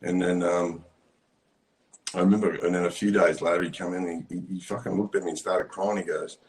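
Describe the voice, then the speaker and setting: Very deep-voiced blunt Australian man. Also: steady tone, brisk. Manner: blunt, profane, rambling storyteller. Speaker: former prisoner sharing his story. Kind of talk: casual conversation.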